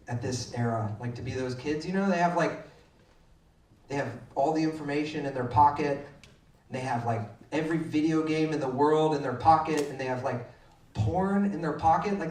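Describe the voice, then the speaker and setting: A young man doing a stand-up set, acting out kids in sudden shrill shouts. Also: recorded from a distance. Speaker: stand-up comedian. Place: club stage, roomy. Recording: roomy live club sound from afar.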